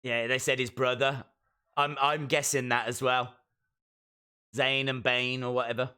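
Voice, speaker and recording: A man giving excitable, jokey live commentary while watching a show along with viewers. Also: medium pitch, measured pace, clear, resonant tone. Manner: excitable, jokey, talks to himself. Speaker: live stream reactor.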